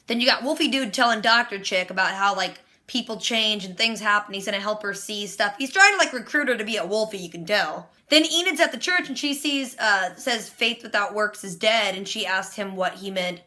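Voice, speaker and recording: A woman giving a casual, animated recap of a TV episode in slangy, excitable storytelling. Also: medium pitch, a little fast, hardly any pauses. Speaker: TV reaction host.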